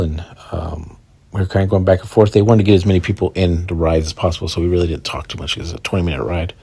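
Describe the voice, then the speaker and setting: A man's voice: deep voice, a little mellow, husky, no room sound. A man vlogging casually about his motorcycle demo rides, rambling and offhand with lots of fillers. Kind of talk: casual storytelling vlog.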